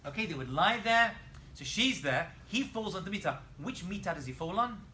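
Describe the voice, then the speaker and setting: Animated man teaching a class. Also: high-pitched, moderate pace, slight background noise. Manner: animated storytelling, quizzing students. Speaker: rabbi and teacher. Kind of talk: lively classroom Bible lesson. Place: classroom with students.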